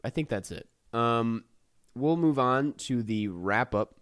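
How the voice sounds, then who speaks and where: A man's voice: mid-range voice, lively intonation, slow pace, fairly bright tone. A man co-hosting a casual podcast, talking loosely with lots of ums and laughs. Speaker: podcast co-host. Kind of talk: casual chat.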